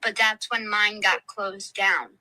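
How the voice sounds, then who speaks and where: A woman explaining a process step by step on a call, halting and casual. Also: medium pitch, steady tone, sharp tone, no room sound.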